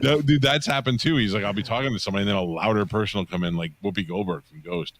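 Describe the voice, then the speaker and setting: A man co-hosting a podcast, telling a story in a casual, animated and profane way. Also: on the low side, rapid-fire. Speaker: podcast co-host.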